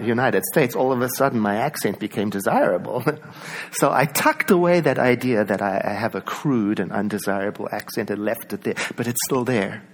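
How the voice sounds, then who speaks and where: A man with a South African accent giving a reflective personal talk, conversational, with many asides and soft laughs. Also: medium pitch. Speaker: speaker.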